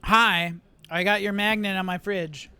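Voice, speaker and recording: A man joins a poker stream's booth as a guest and chats in an excitable, joking way. His voice is high and bright with a sharp edge. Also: a little slow, clear, resonant tone. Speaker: guest commentator. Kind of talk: casual chat on a poker stream. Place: commentary booth.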